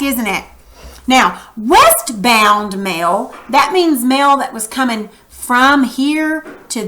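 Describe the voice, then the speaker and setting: A patient woman teaching a reading lesson in an unhurried, deliberate voice. Her voice sits a little high, and she keeps posing questions to her class. She sounds out each word slowly and clearly. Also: background noise.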